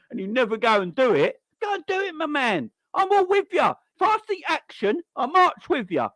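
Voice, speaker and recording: A man's voice: very high voice, sing-song, moderate pace, bright, forceful tone, no room sound. A man hosting a football channel, ranting angrily and swearing as he mocks online fans. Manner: sweary, mocking, mimics people. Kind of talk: angry fan rant.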